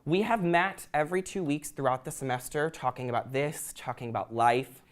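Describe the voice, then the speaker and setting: A man's voice: a little high, moderate pace, hardly any pauses. A young man giving a prepared talk to an audience, earnest and reflective, with occasional ums. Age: young adult. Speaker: student speaker.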